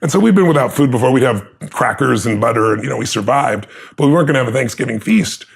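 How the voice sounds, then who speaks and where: A man's voice: medium pitch, lively intonation, fast talker, creaky, slightly rough. A man telling his life story in an earnest, emphatic motivational way.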